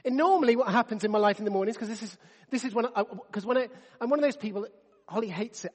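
A man's voice: sits high, big-room sound. A man in his thirties preaching a sermon, earnest and conversational, often restarting his sentences. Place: church.

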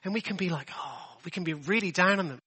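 A high, bright-voiced man from delivers a casual sermon, throwing rhetorical questions at his congregation. His voice rings out with a long hall reverb behind it. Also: fast, husky. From England. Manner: chatty, self-deprecating, rhetorical questions. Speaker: preacher.

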